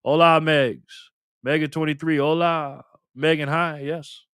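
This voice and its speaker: A man's voice: on the high side, steady tone, measured pace, fairly bright tone, smooth, no echo, clean studio sound. A man hosting a casual live stream, cheerfully greeting viewers by name and chatting as he spins a prize wheel.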